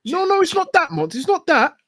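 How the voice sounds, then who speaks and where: Man putting on a very high defensive young guy, slangy excuses, dry sound. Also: huge pitch swings, brisk, a bit bright, no echo, exaggerated voice.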